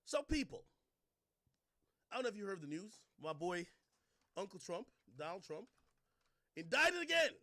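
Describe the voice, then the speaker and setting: Brief: young male streamer, bright edgy tone, mocking rant with lots of swearing. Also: moderate pace, long pauses. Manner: animated, mocking, swears freely, swings from low mutters to loud outbursts. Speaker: commentary streamer. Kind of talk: casual ranting commentary.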